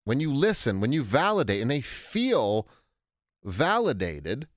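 Speaking a little slowly, a male author on managing anger takes a listener's question in a chatty, instructive monologue. He animates quoted lines with sharp swings in pitch and keeps restarting his sentences, all captured in studio quality with no room sound.

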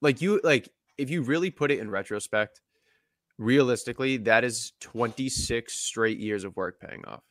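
A man joining a casual sports podcast, talking earnestly and filling pauses with "like". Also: medium pitch, no echo, clean studio sound. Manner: earnest, lots of "like".

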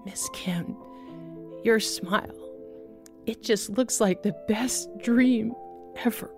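A woman voicing an excited blind little boy who speaks high, eager and breathless. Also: takes it slowly, faint music behind. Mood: whispering.

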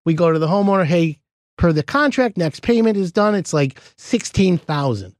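Animated high-voiced male storyteller. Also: moderate pace, no room sound. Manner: animated, acts out quoted dialogue. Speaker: podcast host, home contractor. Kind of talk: casual storytelling chat.

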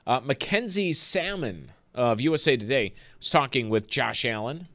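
A man's voice: mid-range voice, sing-song, moderate pace, a bit bright. A man hosting a sports call-in radio show, ranting with exasperation and laughing.

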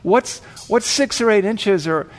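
A man's voice: sits high, expressive, measured pace, voice pushed up. A man voicing an injured male biker who whines, complains and pleads about his pain. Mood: whiny. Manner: whining, pleading.

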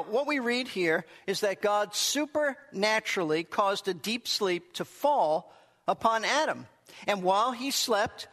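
A man's voice: high voice, fairly bright tone, big-room sound. A man teaching verse by verse through a Bible passage, stressing key phrases and lifting his voice with enthusiasm.

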